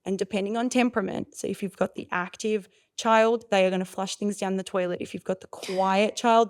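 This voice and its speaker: A woman in her forties, a parenting coach, explaining with lively energy in a podcast interview and acting out what parents and children say. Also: medium pitch, clear, resonant tone. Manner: expressive, acts out voices of parents and kids.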